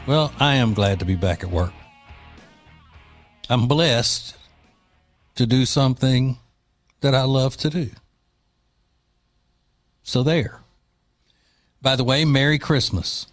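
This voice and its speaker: A man's voice: mid-range voice, slow pace, long pauses, soft background music. A man hosting a talk radio show, speaking in a loose, joking, opinionated way with plenty of fillers, recorded on a studio mic.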